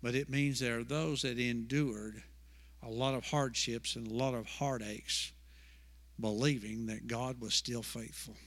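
In a church sanctuary with long hall reverb, a male pastor preaches emphatically, repeating words and posing rhetorical questions. His mid-range voice is fairly bright and fairly even in intonation, and he speaks a little slowly.

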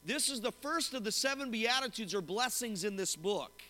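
A man preaching a sermon as pastor to his congregation, animated and often asking them questions. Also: high-pitched, moderate pace. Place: church sanctuary. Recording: long hall reverb.

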